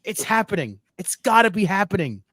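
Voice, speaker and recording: A man co-hosting a casual wrestling podcast, excitable and profane, repeating himself for emphasis. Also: high voice, brisk, dry recording. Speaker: podcast co-host.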